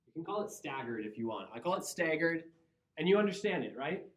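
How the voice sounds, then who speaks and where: In a lecture classroom, a Midwestern man with a voice on the high side and big pitch swings briskly lectures on chemistry. He walks through things step by step and checks in with students, captured in a dull, roomy lo-fi recording.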